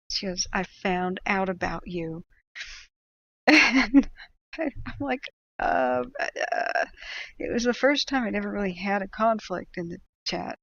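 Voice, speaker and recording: A woman hosts a casual livestream, chatty and animated, slipping into rants between fillers and laughs. Her voice sits at a middling pitch. The audio is dull and a little lo-fi. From United States. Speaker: livestream host tracking wildfires.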